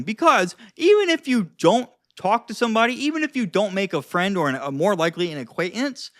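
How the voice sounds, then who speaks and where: A man coaching on social skills in a casual advice vlog, animated and profane, acting out different tones of voice. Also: high-pitched, no room sound, studio quality.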